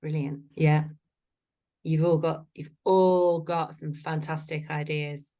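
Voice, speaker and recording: A woman's voice: level tone, slow pace, mellow. A woman, a voice coach giving a chatty, playful online workshop talk over a video call. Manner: chatty, playful, varies pitch for effect.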